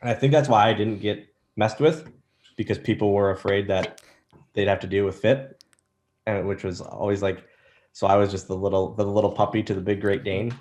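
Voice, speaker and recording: A man's voice: on the low side, fairly even intonation, moderate pace, a little mellow. A man in his thirties telling rambling, self-deprecating stories as an interview guest, with lots of restarts. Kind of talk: casual storytelling interview.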